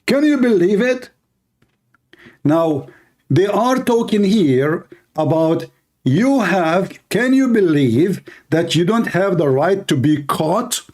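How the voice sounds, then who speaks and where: Male streamer, high pitch, jeering and scornful, broken grammar. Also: expressive, takes it slowly, a little mellow. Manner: taunting, insulting, non-native grammar. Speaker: online debate streamer. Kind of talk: mocking live commentary.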